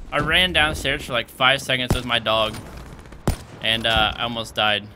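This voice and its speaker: A young man commentating his video game play, out of breath, excitable and yelling at big moments. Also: mid-range voice, moderate pace, noisy background. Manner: excitable, shouts at big plays, self-mocking. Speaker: gaming YouTuber. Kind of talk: gameplay commentary. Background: game gunfire and explosions.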